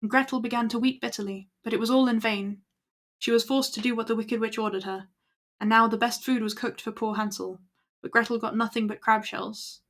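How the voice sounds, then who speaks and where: A woman's voice: on the high side, fairly even intonation, a little fast, a bit bright. A woman reading old fairy tales aloud to her stream at an easy pace, with small slips. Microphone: laptop built-in mic.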